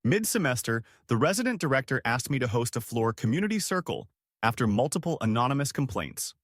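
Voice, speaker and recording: A man narrating scripted stories with a lively, dramatic delivery. His pitch swings widely, rising and falling through each sentence. The recording is close and dry, with no room sound around him. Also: brisk, no echo.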